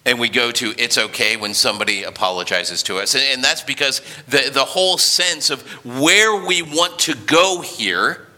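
A man's voice: medium pitch, expressive, moderate pace, hardly any pauses, bright, forceful tone. A man preaching a sermon, thoughtful and hesitant, often repeating his words as he searches for them. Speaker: pastor.

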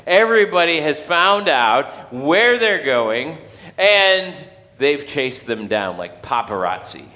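Man preaching in a bright ringing hall. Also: a little high, big pitch swings, slow. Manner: conversational storytelling with acted quotes and laughs. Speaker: pastor. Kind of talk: casual sermon.

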